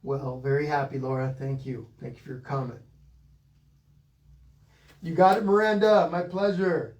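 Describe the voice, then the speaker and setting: A middle-aged man, teaching a live online painting lesson in a relaxed, chatty way and reading out viewer comments as he goes. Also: medium pitch, moderate pace, lo-fi sound. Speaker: painting instructor.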